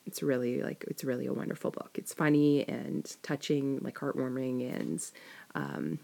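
A woman's voice: very deep voice, sing-song, moderate pace, vocal fry, a little mellow. A young woman chatting casually to camera, rambling and giggling as she answers tag questions. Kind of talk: casual chat.

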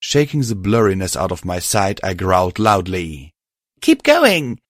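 Male narrator, low-pitched, measured, first-person fiction reading. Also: no echo, studio quality.

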